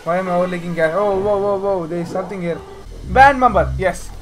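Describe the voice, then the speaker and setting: A man's voice: sits high, level tone, racing, soft background music. A man with an Indian accent giving playful, jokey commentary while playing a video game. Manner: playful, jokey self-talk. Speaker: gameplay streamer. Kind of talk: let's-play commentary.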